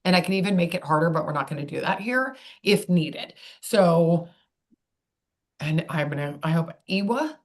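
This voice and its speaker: A woman speech therapist with a slightly low voice, leading an online workshop. She talks in a chatty, rambling way and breaks off to demonstrate mouth sounds aloud. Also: animated, normal speed. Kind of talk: live online workshop teaching.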